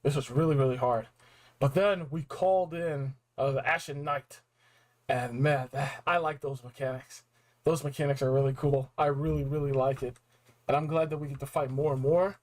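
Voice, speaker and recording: A young man reviewing a video game in a casual, excited recap, full of slang and acted-out reactions. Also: mid-range voice, moderate pace, low-quality recording. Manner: animated, slangy, acts out reactions.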